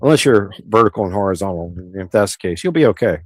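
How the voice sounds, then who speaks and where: Brief: middle-aged male streamer, rambling, easygoing chat, deeper voice. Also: animated, quick pace, dry recording. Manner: rambling, easygoing, with frequent restarts. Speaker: livestream host. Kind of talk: casual livestream chat answering viewer comments.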